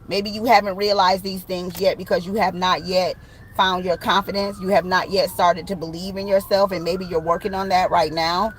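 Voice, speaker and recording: An animated woman reads tarot in a casual, slangy way. Her speech is loose and full of swearing. Faint noise hums behind her voice. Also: lowish voice, normal speed, poor audio. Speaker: tarot reader.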